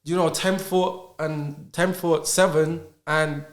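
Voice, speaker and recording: A man's voice: on the high side, fairly even intonation, slow pace. Guy on a podcast, earnest, keeps asking himself questions, echoey room. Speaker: podcast guest. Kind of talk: casual podcast chat. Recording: roomy echo.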